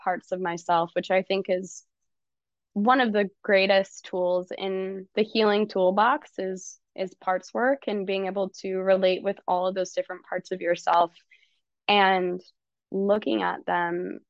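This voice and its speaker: A woman's voice: mid-range voice, level tone, unhurried, dry recording, muffled recording. A woman coach talking casually, swearing freely and acting out her own inner dialogue in quoted bits. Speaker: coach and guest. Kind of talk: casual podcast conversation.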